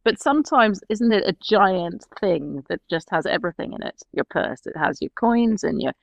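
A woman's voice: medium pitch, lively intonation, moderate pace, creaky, no room sound, low-quality recording. A woman chatting casually, laughing often and poking fun at herself. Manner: laughs often, self-mocking. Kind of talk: casual chat.

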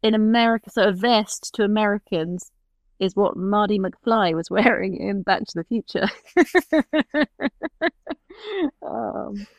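A woman's voice: mid-range voice, slow pace, pauses often, no echo, low-quality recording. A woman chatting casually, laughing often and poking fun at herself. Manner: laughs often, self-mocking. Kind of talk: casual chat.

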